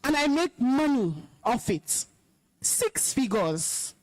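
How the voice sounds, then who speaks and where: A woman's voice: sits high, sing-song, slow, poor audio. A woman with a Nigerian accent, an alumna and compere, giving a stern, emphatic address to a school's students. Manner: scolding, commanding, emphatic. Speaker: alumna guest speaker, compere. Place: school hall, live event.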